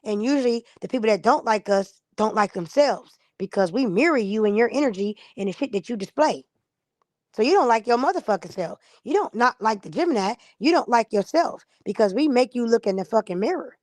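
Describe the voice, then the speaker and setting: A woman's voice: a little high, lively intonation, fairly quick, darkish tone, no room sound, studio quality. A woman streamer in a casual live-stream monologue, blunt and profane, acting out the people she quotes.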